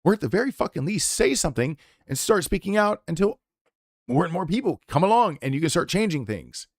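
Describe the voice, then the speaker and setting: A male streamer in the middle of an unscripted rant, blunt and full of swearing. His voice sits a little high for a man. The sound is dry, with no room echo. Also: very animated, fairly quick. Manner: profane, impassioned and blunt. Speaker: game streamer.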